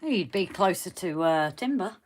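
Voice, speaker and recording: A woman's voice: lowish voice, lively intonation, measured pace. A woman chatting casually on a live stream, bantering and mock-scolding her partner. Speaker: streamer co-host.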